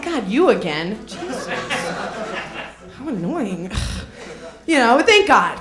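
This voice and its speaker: A woman's voice: sits high, fairly bright tone, echoey room. A young woman from Minnesota doing a stand-up comedy set on a club stage, sardonic and playful, laughing at her own jokes.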